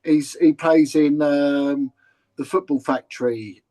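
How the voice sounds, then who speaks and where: A man's voice: on the high side, fairly even intonation, takes it slowly, dark tone, rough recording. Chatty London man telling stories. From England. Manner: chatty, repeats words and restarts, blunt. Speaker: interview guest, former police officer. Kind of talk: casual storytelling interview.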